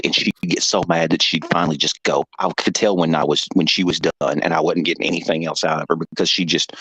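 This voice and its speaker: Deep-voiced blunt man, dry mic. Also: steady tone, fast, few pauses, fairly bright tone, breathy edge, no room sound, rough recording. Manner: blunt, storytelling, self-assured. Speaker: podcast co-host, radio producer. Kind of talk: casual chat.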